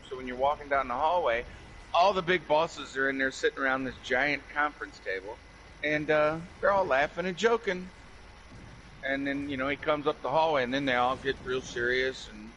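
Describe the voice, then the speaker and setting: Guy ranting about work, swears a lot, bright pushy voice, bit of road noise behind. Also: medium pitch, poor audio. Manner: profane, heated, repeats "I said" while quoting himself. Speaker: storyteller in a casual chat. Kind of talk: casual chat, recounting a workplace story.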